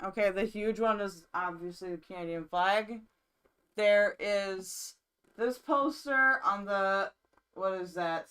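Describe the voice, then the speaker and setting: A woman's voice: medium pitch, a bit bright, clean tone. A woman live streaming from her own room, chatting casually to her viewers in a rambling, mildly profane way.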